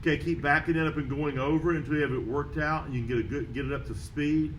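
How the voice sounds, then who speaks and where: Man, slightly high voice, band teacher; steady note-calling and count-ins, faint hiss. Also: quick pace, poor audio. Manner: counts off and calls out notes steadily. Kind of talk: instrument lesson walkthrough.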